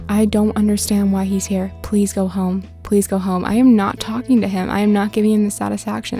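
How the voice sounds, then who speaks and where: Gravelly, blunt young woman gaming. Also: mid-range voice. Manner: blunt, profane, rambling, animated. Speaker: gaming creator. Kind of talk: casual gameplay commentary.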